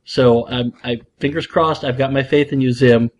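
Man, podcast host, casual chat, rambling, self-deprecating, mid pitch. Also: steady tone, moderate pace, few pauses. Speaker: internet radio host.

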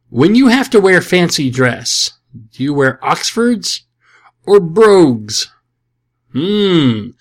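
A man hosting a podcast, answering listener questions in a casual, joking way with sarcastic asides and self-mockery. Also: mid-range voice. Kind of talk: casual comedic chat.

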